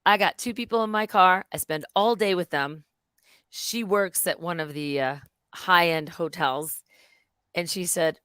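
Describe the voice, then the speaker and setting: A woman's voice: on the low side, a little slow, a bit bright, clear, resonant tone, dry recording. A middle-aged woman on a casual live stream, telling a story with lots of energy, swearing freely and acting out what people said. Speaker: host.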